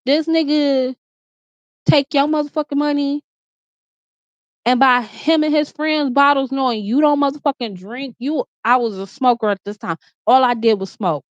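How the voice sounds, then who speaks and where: A woman's voice: high-pitched, normal speed, dry recording. A woman vlogger telling a heated, profane storytime rant from her room, repeating herself as she gets riled up. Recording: dull, slightly muffled sound.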